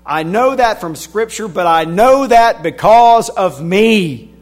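Preacher, man, high voice, dynamic delivery from quiet to shouting, reads old-style scripture. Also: expressive, slow. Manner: swings from hushed to shouting emphasis; reads scripture in King James wording. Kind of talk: sermon.

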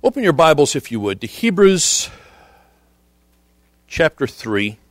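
A middle-aged man preaching a sermon as a visiting missionary, earnest and measured, often quoting scripture. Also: a little high, sing-song, dry recording, studio quality.

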